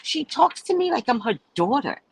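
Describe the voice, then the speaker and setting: A woman's voice: sits high, very animated, normal speed, breathy edge, dry recording, rough recording. A woman from the United States hosting a casual livestream chat, telling stories in a loose, profane way and acting out the voices of the people she quotes. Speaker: livestream host.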